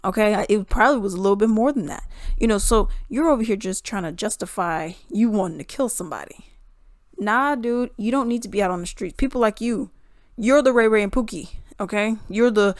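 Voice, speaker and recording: Blunt, animated woman commenting. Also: mid-range voice, a little fast, no echo, studio quality. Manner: blunt, animated, acts out quotes in voices. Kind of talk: casual commentary.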